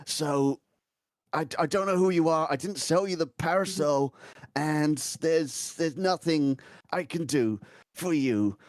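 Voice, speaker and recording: A man's voice: a little high, a little slow, no echo, clean studio sound, natural voice. A man playing a confused parasol shop owner in a put-on American accent, giggling often. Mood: flustered. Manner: bright and gushing in character, laughs often. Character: flustered male parasol shop owner, cheery then confused.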